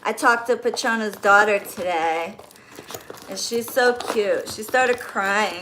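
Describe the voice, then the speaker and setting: Slow-talking chatty woman vlogger. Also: mid-range voice. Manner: chatty, gushing, squeals when excited. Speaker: spiritual reader for clients. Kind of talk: casual vlog, unboxing gifts. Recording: crinkling packaging noise.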